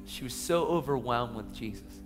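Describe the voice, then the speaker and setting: A man preaching a sermon testimony as an evangelist, telling stories in an animated, emphatic way. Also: mid-range voice, normal speed. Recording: echoey hall with faint music.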